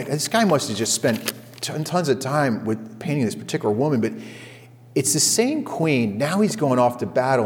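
Conversational male pastor in a reverberant hall. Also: medium pitch. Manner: storytelling, conversational, animated retellings. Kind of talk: sermon to a men's group.

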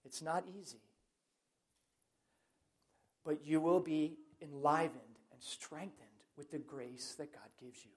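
A middle-aged man, a Catholic priest, preaching in a chatty, animated way with self-mocking humor and personal stories. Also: on the high side. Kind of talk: lively sermon with personal stories.

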